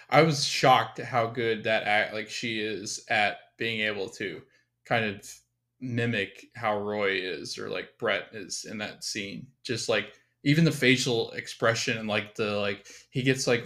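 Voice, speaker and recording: A man co-hosting a podcast in a casual recap chat, easygoing and soft-spoken, with plenty of "like" fillers. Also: on the low side, normal speed. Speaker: podcast co-host.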